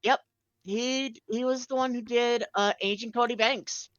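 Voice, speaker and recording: A woman's voice: a little high, fairly even intonation, measured pace, dry recording. A woman co-hosting a casual movie riff, chatty and joking, laughing often. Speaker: podcast co-host. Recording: dull lo-fi mic.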